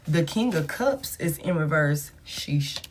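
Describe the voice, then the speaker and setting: A woman's voice: low voice, lively intonation, slow pace, noisy background. A woman reading tarot cards for her viewers in a casual, blunt, profane way, talking straight to them. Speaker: tarot reader.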